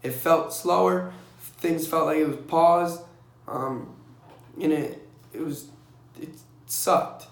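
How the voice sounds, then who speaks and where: A young man casually telling blunt, profane stories in a vlog, animated whenever he quotes other people. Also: a little high, slow pace, vocal fry, long pauses. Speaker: vlogger recounting navy boot camp. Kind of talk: casual storytelling. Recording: echoey room.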